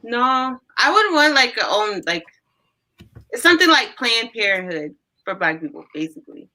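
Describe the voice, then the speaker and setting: A young woman chatting casually, telling animated stories and acting out what people said. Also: a little high, moderate pace, rough recording. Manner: animated storyteller, acts out quotes. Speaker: guest. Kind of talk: casual storytelling chat.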